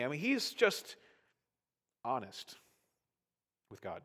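A middle-aged male pastor giving a conversational sermon, animated and often checking in with "right?". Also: high voice, slow pace, long pauses, slightly rough.

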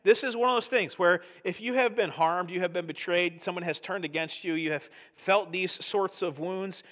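A middle-aged male pastor giving a conversational sermon, animated and often checking in with "right?". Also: sits high, normal speed.

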